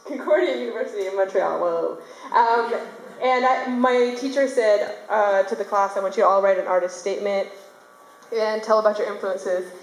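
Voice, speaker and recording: A woman's voice: mid-range voice, normal speed, a little hiss or hum. A young woman animator talking onstage at a theater, rambling and chatty with lots of fillers. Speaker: animator presenting her work. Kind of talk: casual onstage talk. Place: theater stage. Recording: echoey theater room.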